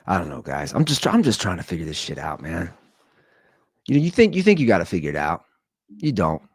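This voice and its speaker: A man in his thirties hosting a casual solo podcast from home, talking in a rambling way that swings from loud bursts to low asides. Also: huge pitch swings, fairly quick, pauses often, husky, no room sound, studio quality. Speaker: podcast host.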